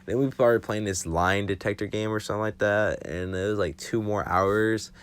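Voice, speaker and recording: A man's voice: on the low side, moderate pace, clear, resonant tone. A young man telling a casual storytime for his vlog, rambling and swearing freely with lots of fillers. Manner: rambling, profane, full of fillers. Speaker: vlogger.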